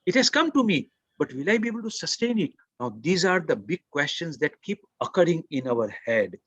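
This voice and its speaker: A man's voice: on the high side, big pitch swings, fairly quick, fairly bright tone, no echo, muffled recording. A man hosting a motivational webinar, speaking earnestly, repeating words and asking the audience questions. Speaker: webinar host and coach.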